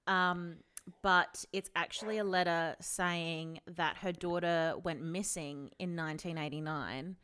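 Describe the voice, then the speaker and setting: A woman's voice: fairly low pitch, fairly even intonation, measured pace, a bit bright, clean tone. A woman co-hosting a podcast, retelling a documentary in casual chat, full of "like" and swearing. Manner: chatty, retells a story with lots of "like" and swearing. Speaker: podcast co-host.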